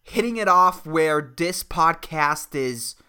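A man's voice: a little high, lively intonation, slow pace, bright, forceful tone, smooth. Young guy podcast host swearing through a solo rant, voice swinging up and down a lot. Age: 20s. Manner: profane, exasperated ranting with lots of fillers.

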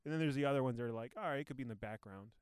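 A man's voice: medium pitch, very fast, darkish tone, clean tone, no echo. A man hosting a casual comedy podcast from home, rambling and joking on a new microphone. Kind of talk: casual chat.

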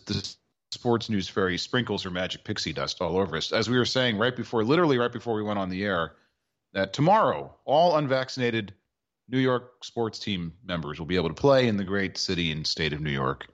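A man's voice: low-pitched, fairly bright tone, lo-fi sound. A man from Maryland co-hosting a sports radio show in casual chat, with wry, sarcastic asides. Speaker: co-host.

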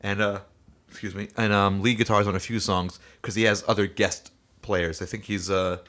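Low-pitched with little movement, a fairly bright tone and a moderate pace, this podcast co-host and musician talks loosely. His casual chat rambles, full of fillers and restarts.

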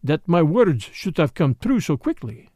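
A courteous older Belgian detective speaks gently, with quiet satisfaction, as a male storyteller performs him. His voice rides slightly high with a lively lilt, in a dry, close recording. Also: unhurried, dry recording.

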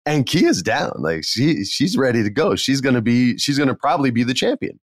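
A man casually telling a backstage story, animated and acting out the people he quotes. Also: mid-range voice, moderate pace, hardly any pauses, dry recording, studio quality. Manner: animated, acts out quoted voices. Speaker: podcast guest telling stories.

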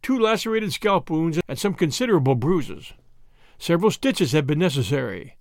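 A man voicing a male surgeon giving a brisk, matter-of-fact report. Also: fairly high pitch, sing-song, dry recording, studio quality. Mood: reassuring.

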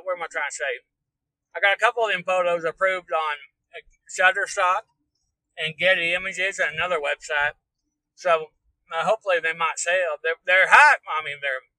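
A man's voice: fairly high pitch, bright, forceful tone, dry recording, rough recording. A man doing a profane hillbilly driver. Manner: rambling, profane, folksy drawl. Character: crude chatty male Kansas hillbilly driver. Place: in a car, driving.

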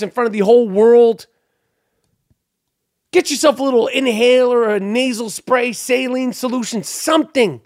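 A man in his forties hosting a podcast, ranting loudly and cursing often in an exasperated monologue. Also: very high-pitched, dry recording, clean studio sound. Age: 40s. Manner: loud, cursing, exasperated rant. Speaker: podcast host.

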